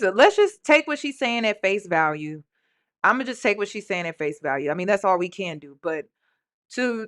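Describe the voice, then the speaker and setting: A woman's voice: medium pitch, fairly bright tone. A woman hosting a reaction video, speaking directly to her viewers in a blunt, skeptical, casual way.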